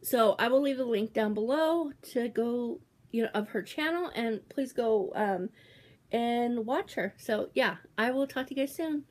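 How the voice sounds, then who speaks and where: A woman in her forties, opening a package on a casual vlog, talking excitedly with lots of fillers. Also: a little high, a little slow. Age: 40s. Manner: gushing, excitable, trails off with fillers. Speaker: YouTuber opening a mail package.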